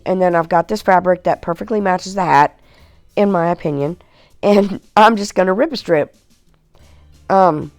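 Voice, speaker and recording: A woman's voice: lowish voice, a little mellow, no room sound, clean studio sound. A woman chatting casually as she narrates a home craft project, folksy and self-mocking, with lots of fillers. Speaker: craft video host. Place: at home in a recliner.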